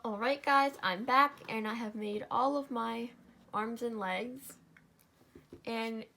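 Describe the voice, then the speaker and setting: A young woman walks through a craft tutorial at a slow, easy pace. She sounds tired, yawns often and keeps apologizing, counting stitches aloud as she goes. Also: a little high, gravelly, pushed and bright, slight background noise. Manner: sleepy, yawning and apologetic. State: tired, yawning.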